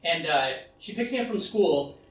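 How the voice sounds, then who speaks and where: A man performing a comedic one-man stage show, telling a story with animated delivery and acting out the people in it. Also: fairly high pitch, moderate pace, reverberant, recorded from a distance, slight background noise, poor audio. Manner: animated storytelling, acting out his mom and himself. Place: theater stage. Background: audience laughter.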